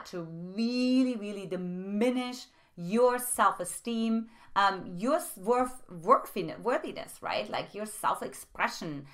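Bright-voiced woman coaching on relationships. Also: mid-range voice. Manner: animated, leans on filler "right?" and "like". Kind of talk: direct-to-camera advice video.

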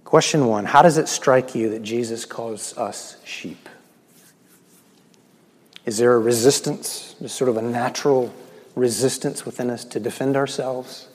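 Husky-voiced man preaching in an echoing hall. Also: mid-range voice. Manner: swings between loud emphatic phrases and hushed, slow, near-whispered lines. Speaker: pastor. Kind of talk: sermon. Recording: long echo of a large hall.

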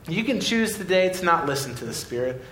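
A man preaching a sermon as a pastor, telling a story with animated swings between excitement and quiet earnestness. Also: a little fast. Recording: echoey room with faint rumble.

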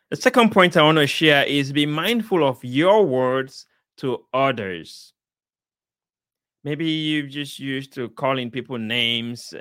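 A father speaking earnestly about the power of words, encouraging listeners with measured emphasis and repeated points. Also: medium pitch, fairly bright tone, dry recording, studio quality. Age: adult, father of a young child. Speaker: speaker sharing life advice. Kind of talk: slow inspirational talk.

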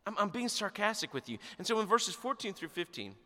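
A man pastor preaching a sermon, animated and sarcastic, acting out quotes as he goes. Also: high-pitched, brisk, in a large hall.

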